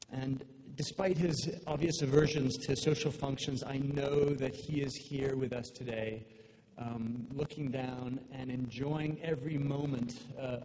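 A man delivers a eulogy for his father, his sentences halting and full of fillers and restarts. His voice carries through a big hall with long reverb. A faint hum of ambience sits underneath. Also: mid-range voice, dark tone. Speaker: son giving a eulogy. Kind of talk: memorial speech. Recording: echoey hall, faint room noise.

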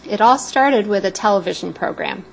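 A woman in her fifties from Canada giving a prepared, personal speech as a guest speaker, warm and a little emotional. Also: mid-range voice, animated, normal speed, gravelly, a little hiss or hum, rough recording.

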